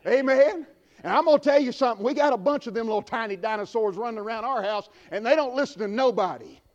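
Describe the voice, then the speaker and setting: Man, preacher, sermon, hushed to shouting, very high voice, muffled lo-fi recording. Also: fast talker. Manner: swings from hushed asides to shouted peaks. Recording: dull lo-fi recording.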